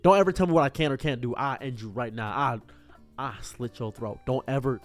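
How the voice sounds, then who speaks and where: A man voicing a furious young male superhero who hurls vulgar threats, his pitch swinging wildly. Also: brisk, soft background music, close to an everyday voice. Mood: furious, menacing.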